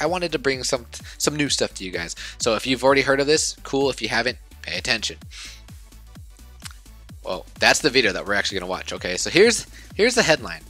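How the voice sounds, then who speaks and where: A man's voice: mid-range voice, bright, forceful tone. A man in his twenties casually rambling through gaming news in a chatty, self-deprecating way. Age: 20s. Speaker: YouTube news host.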